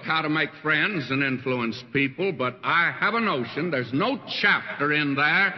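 An older man preaching a sermon as a pastor, telling stories in a folksy, animated way. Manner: folksy storytelling preacher with wide swings in pitch. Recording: dull lo-fi archival sermon recording with long hall reverb.

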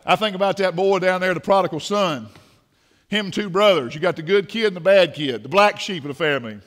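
A man preaching a sermon in a church, fervent, moving from hushed passages to shouting. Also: high voice, fairly quick. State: dry mouth. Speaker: pastor. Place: church sanctuary.

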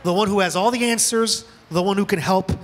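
A man preaching a sermon as pastor in a church, animated and acting out prayers and dialogue. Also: sits high, brisk, big-room sound, soft background music. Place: church sanctuary.

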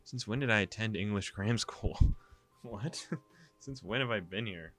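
Young man reading a game aloud, low and bright. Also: moderate pace. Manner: casual, exasperated asides. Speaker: gaming YouTuber. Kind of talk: reading a visual novel aloud with commentary.

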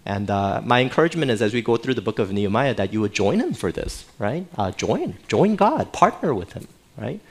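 Pastor man preaching, conversational and animated. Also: lowish voice, fairly quick. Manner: conversational, animated, jokes with the congregation, frequent "right?". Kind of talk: sermon. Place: church sanctuary.

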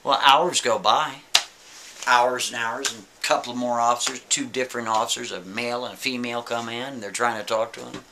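A man telling a story in a casual, chatty way, with animated asides. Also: mid-range voice, a little fast, background noise.

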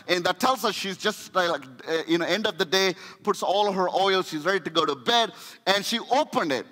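Male pastor preaching, high voice, storytelling w lots of restarts, echoey church hall. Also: normal speed. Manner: animated storytelling with frequent restarts. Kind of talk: sermon. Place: church sanctuary.

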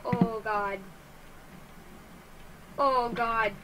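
A woman giving excitable let's play commentary while she plays, exclaiming and talking to herself. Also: on the high side, drawn-out words, noisy background. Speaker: gamer.

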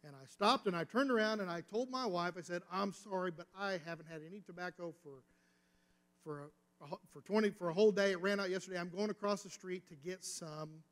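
A man's voice: sits high, fairly quick, fairly bright tone. Male pastor telling a story in a church hall. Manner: personal storytelling, rising and falling intensity. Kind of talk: sermon. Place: church sanctuary.

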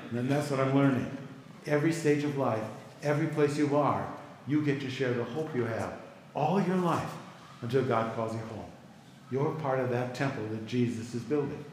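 A man's voice: mid-range voice, moderate pace, darkish tone, slight background noise. A middle-aged male pastor teaching a Bible class in a conversational way, stopping to ask the class for reactions. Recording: echoey hall with long reverb.

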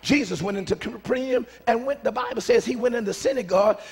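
A man preaching a lively sermon, talking with the congregation and swinging between shouted lines and hushed asides. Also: extremely high pitch, quick pace, slightly rough, big-room sound. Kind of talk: call-and-response sermon. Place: church sanctuary.

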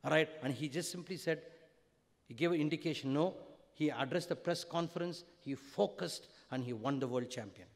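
A man with an Indian English accent giving a storytelling discourse to students, swinging between loud emphasis and hushed tones. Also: on the high side, normal speed. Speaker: spiritual teacher. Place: large university auditorium. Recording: long auditorium reverb.

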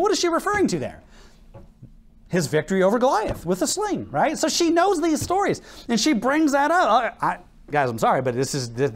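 An American man preaching from the pulpit, his voice sitting a bit high and swinging widely up and down. He acts out little exchanges between people and often breaks into laughter between verses. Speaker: pastor. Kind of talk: sermon.

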